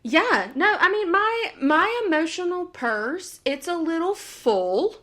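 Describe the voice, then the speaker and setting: A young woman co-hosting a podcast in casual chat, animated and laughing often, acting out what she and others said. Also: extremely high pitch, slow. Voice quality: animated, laughs often, quotes herself in voices. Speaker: podcast co-host.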